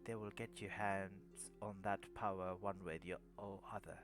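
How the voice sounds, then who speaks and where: A man voicing a defeated male clan leader who speaks in a trembling, sobbing, halting voice. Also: low-pitched, level tone, over music, close to an everyday voice. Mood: despairing.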